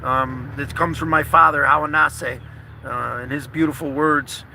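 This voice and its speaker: A New York vlogger films a casual, emotional vlog from his car, speaking in a slightly high, sharp-toned voice that stays steady and unhurried. He rambles heartfeltly and swears freely. The low-quality recording carries clear outdoor and road noise.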